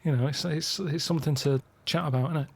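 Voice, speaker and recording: A man from England telling stories in a deadpan, matter-of-fact way during a casual comedy podcast chat. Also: a little high, quick pace, creaky, slightly rough.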